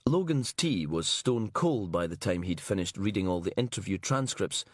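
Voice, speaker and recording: A man reading a crime audiobook in a measured, even narration style on a close mic. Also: low-pitched, no room sound.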